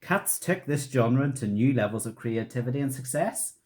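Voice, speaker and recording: A young man co-hosting a chatty podcast, self-mocking and quick to laugh. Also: mid-range voice, expressive, darkish tone. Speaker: podcast co-host. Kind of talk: casual chat.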